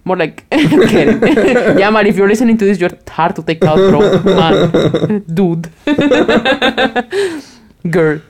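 A woman's voice: medium pitch, animated, slow, a little mellow. A woman co-hosting a podcast, chatting casually with lots of laughter and rambling fillers. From outside Germany. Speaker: podcast co-host. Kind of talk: casual chat.

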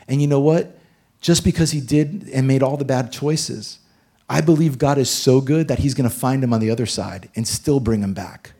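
A man preaching a sermon, telling a personal story in a lively way that swings between loud and hushed. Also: mid-range voice, normal speed, breathy edge. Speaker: pastor.

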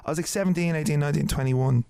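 Fast-talking Dublin Irish man. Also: a little high, gravelly, mellow, clear, resonant tone, no echo. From Ireland. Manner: rapid, swearing, laughing storyteller. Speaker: guest singer. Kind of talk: casual podcast chat.

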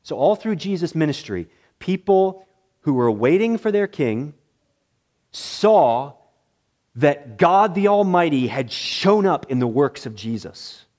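A male pastor preaching a sermon, swinging between loud excitement and hushed, somber tones, with deliberate repeated phrases. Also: fairly high pitch.

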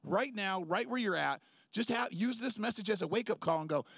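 A man's voice: sits high, expressive, brisk, gravelly, fairly bright tone, no room sound, clean studio sound. A young adult man preaching a sermon in a conversational, joking storytelling way, acting out quotes along the way. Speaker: pastor.

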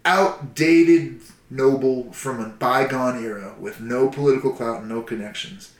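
Casting: male storyteller, loose and profane, lively delivery, mid-pitched, recorded with roomy echo. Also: a little slow. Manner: profane, animated, acts out shouts and quotes. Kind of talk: casual history storytelling.

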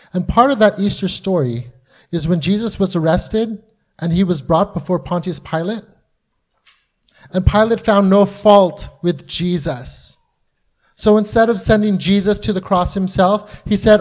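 A man with a high voice preaching to his congregation. He talks earnestly and acts out the quoted voices in the stories he retells. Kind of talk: sermon.

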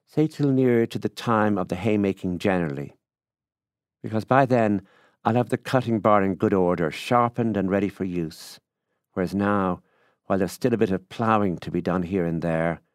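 A man's voice: sits low, darkish tone, dry recording, clean studio sound, natural voice. A man reading aloud, voicing a genial, persistent middle-aged male farmer who talks in a coaxing, folksy way and keeps saying ma'am.

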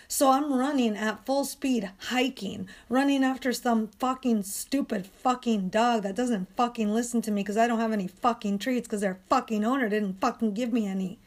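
Hoarse woman ranting, heavy swearing. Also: on the high side, normal speed, hardly any pauses. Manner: profane, ranting, exasperated. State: hoarse, strained voice. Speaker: dog walker and coach. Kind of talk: angry venting monologue.

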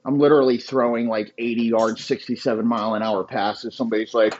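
A man's voice: mid-range voice, flat delivery, fast talker, a little mellow. A man hosting a podcast, delivering a crude, boastful, insulting comedic rant. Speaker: podcast host. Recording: dull lo-fi sound.

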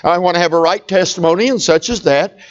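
A man's voice: high-pitched, fast, dull audio. A middle-aged male pastor telling a humorous personal story in a sermon, talking straight to his congregation. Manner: folksy, humorous, talks to the congregation.

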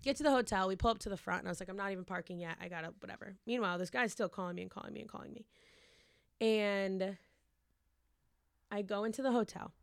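A woman's voice: medium pitch, fast talker, gravelly, clean tone, no echo. Chatty young woman telling a story. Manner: rambling, swears freely, acts out quotes. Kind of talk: casual storytelling chat.

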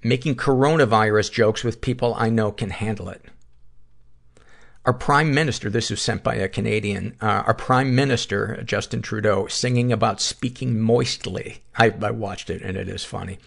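A man's voice: on the low side, steady tone, moderate pace, creaky, hardly any pauses. A middle-aged man hosting a podcast, reading listener submissions aloud and adding wry asides between them. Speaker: podcast host.

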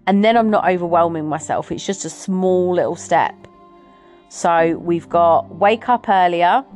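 A middle-aged woman talking earnestly and encouragingly as host of a motivational talk. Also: lowish voice. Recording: soft music behind.

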